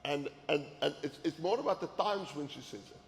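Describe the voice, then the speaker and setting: A man teaches in an earnest sermon style, stacking repeated words when he presses a point. His voice sits a bit high for a man. It carries a long, roomy echo from the hall, with faint ambience behind. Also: expressive, brisk, vocal fry, a little hiss or hum. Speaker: men's ministry teacher.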